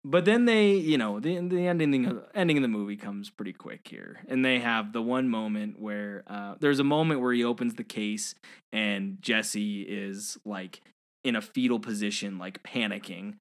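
A man casually discussing a movie with a friend, animated, often jumping into high-pitched character impressions. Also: moderate pace. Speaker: podcast co-host.

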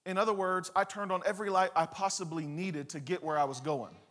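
A man preaching a sermon, telling a personal story with lively, acted-out scenes and asides to the congregation. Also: high voice, brisk. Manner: animated storyteller, acts out scenes and quotes. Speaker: pastor.

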